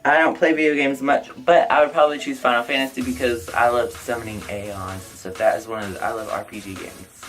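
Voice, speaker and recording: Chatty young man, loud and outspoken. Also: medium pitch, fairly even intonation, fairly quick, few pauses, low-quality recording. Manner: chatty, outspoken, lots of "like" and "I don't know". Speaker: vlogger answering viewer questions. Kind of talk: casual Q&A vlog.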